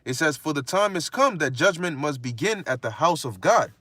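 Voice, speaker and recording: A man preaching a casual street-style sermon, animated and slangy, sometimes mocking other people's words. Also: normal speed, dry recording. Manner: animated, slangy, acts out insults in a squeaky mocking voice.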